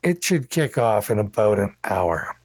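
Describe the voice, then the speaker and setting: A man's voice: on the low side, big pitch swings, unhurried, breathy edge, dry recording. A man narrating a tabletop game as game master, in a casual, descriptive way.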